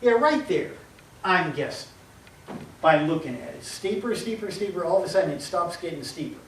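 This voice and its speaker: A man teaching calculus in a lively, playful way, acting out little scenes and correcting himself as he works. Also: sits high, normal speed. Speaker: math teacher. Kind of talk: calculus lecture at a board. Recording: roomy, distant mic, faint hum.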